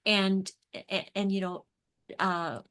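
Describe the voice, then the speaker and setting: A woman's voice: mid-range voice, fairly even intonation, slow, fairly bright tone. A middle-aged woman, an author and intuition coach, chatting in an interview and acting out the conversations she tells about. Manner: enthusiastic storyteller, acts out quoted exchanges, repeats and restarts words. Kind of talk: casual spiritual interview chat.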